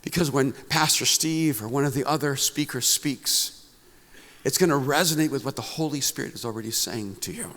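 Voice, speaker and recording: A middle-aged man, a pastor, telling a story in a sermon with lively animated delivery. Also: medium pitch, normal speed. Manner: animated storyteller, laughing at his own anecdote. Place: conference hall. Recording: long hall reverb.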